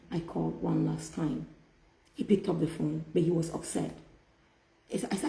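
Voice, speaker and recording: A middle-aged woman telling a personal story in a casual faith-based chat, animated and often laughing as she quotes herself. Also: lowish voice, moderate pace, vocal fry, long pauses. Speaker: host. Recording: echoey room.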